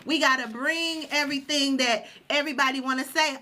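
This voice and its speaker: A woman with a high voice gives an inspirational spiritual talk on a live stream. She is emphatic and a little preachy, repeating her key phrases for effect. Her tone is bright and forceful. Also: fairly even intonation, normal speed. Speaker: livestream host.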